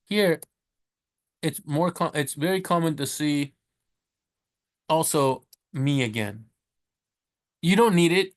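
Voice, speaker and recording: A man teaching Spanish in a casual way, chatty and correcting himself, who slows down to sound out each Spanish word. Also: a little high. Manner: chatty, self-correcting, laughs at his slips. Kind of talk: casual screen-share lesson.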